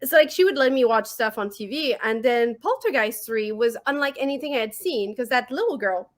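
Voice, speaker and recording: A woman with a French accent, co-hosting a podcast in casual chat, animated and giggly with quick asides, on a remote call mic. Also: a little high. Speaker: podcast co-host.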